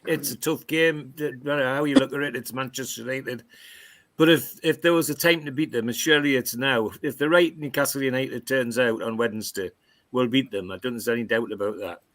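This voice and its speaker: A man's voice: medium pitch, brisk, fairly bright tone, dry recording. A man giving blunt, opinionated views as a pundit on a fan podcast.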